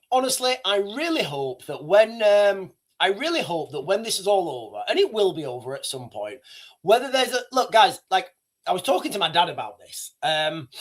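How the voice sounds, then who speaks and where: A man with a notably high voice hosts a casual livestream. He rambles, circling back and restarting sentences, with plenty of fillers along the way. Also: fairly bright tone. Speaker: livestream host.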